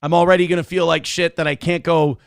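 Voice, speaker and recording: A man hosting a live online show, talking casually and excitedly, cursing freely while thanking viewers for donations. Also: a little high, quick pace, creaky, clear, resonant tone, no room sound, clean studio sound. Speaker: livestream show host.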